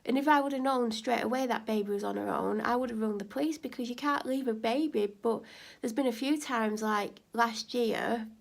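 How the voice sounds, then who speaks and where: A woman vlogger recounting events in a relaxed, chatty way. Her voice sits a little high. She grows animated and louder as the story heats up. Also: moderate pace, gravelly. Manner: animated, rising to near-shouting when retelling an argument. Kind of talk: casual storytelling vlog.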